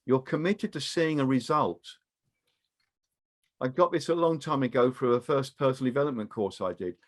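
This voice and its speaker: Over a video call, a British man with a mid-range voice presents a training webinar. He offers his advice calmly and in a measured way.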